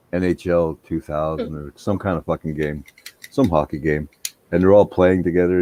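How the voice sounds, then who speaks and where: Deep-voiced man telling profane stories. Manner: profane, animated storytelling. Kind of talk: casual chat.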